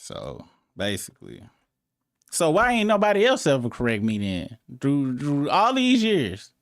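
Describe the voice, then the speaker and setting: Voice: medium pitch, wildly swooping pitch, a little slow, no echo, clean studio sound. A live-stream host in casual, profane, rambling chat, breaking into incredulous outbursts.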